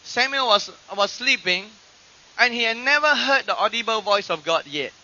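Man, preacher, sermon, high voice, very bright, lo-fi archive recording. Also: moderate pace. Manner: animated, acts out quoted voices. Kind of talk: sermon teaching.

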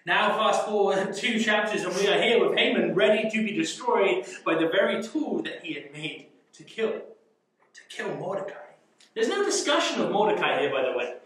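Animated young man teaching Bible study. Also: high-pitched, normal speed. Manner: animated, rhetorical questions, chuckles. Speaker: youth Bible study leader. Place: church youth room. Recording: echoey room, mic far off.

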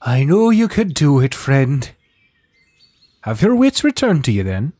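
A man's voice: on the high side, huge pitch swings, measured pace, mellow, pitched above the performer's own voice, heavily acted. A man voicing a frantic young man with an accent, urgent and commanding. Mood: relieved.

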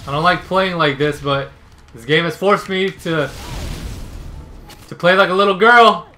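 A man giving live commentary on his own gameplay, ranting, yelling and sarcastically griping at teammates. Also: sits high, unhurried, slight background noise. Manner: raging, yelling outbursts at teammates.

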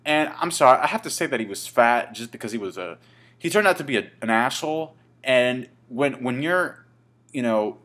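A man's voice: mid-range voice, a bit bright. Rambling, profane young man telling a story. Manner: rambling, profane, with many fillers and restarts. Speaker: vlogger. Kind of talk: casual storytelling.

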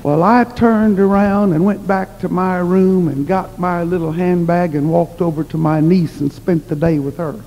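A woman's voice: lowish voice, steady tone, normal speed, few pauses, dark tone, muffled recording. A woman preacher telling a humorous story in a sermon, chatty and self-mocking, often laughing at herself. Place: church hall. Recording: long reverb in a large hall.

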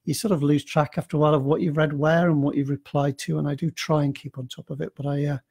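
A man's voice: fairly high pitch, flat delivery, fast talker, creaky, a little mellow, breathy edge. A man chatting casually on a live stream, answering readers' emails in a rambling, self-deprecating way with lots of fillers and restarts. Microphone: computer mic on a live stream.

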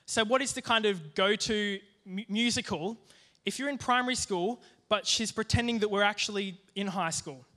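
A young man giving a youth sermon, telling a personal story in a lively, joking way with plenty of asides. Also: high-pitched, normal speed. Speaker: youth group speaker.

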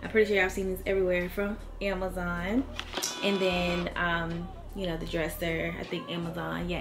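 A woman's voice: mid-range voice, a bit bright. Chatty woman in her late twenties. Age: late 20s. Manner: chatty, lots of fillers, drawls words. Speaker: vlogger. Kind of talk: casual chat to camera. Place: home bedroom. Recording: roomy echo, faint music behind.

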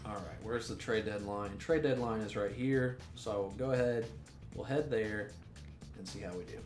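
A man's voice: lowish voice, moderate pace, darkish tone, roomy sound, faint music behind. A man giving casual, sarcastic gameplay commentary as a gaming YouTuber. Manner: sarcastic, joking banter.

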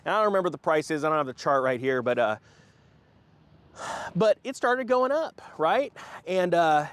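A man hosts a casual crypto finance channel, vlogging in an animated, joking way at normal speed. His slightly high voice bounces up and down a lot, and he slips into mocking put-on voices when he makes fun of a company.

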